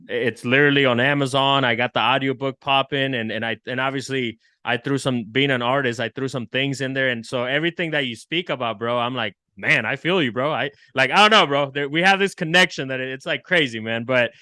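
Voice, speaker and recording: Man, podcast host, bright clear voice, slangy and rambling, dry close mic. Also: medium pitch, a little fast, dry recording. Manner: loose, slangy, many restarts and "like", "bro". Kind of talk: casual interview chat.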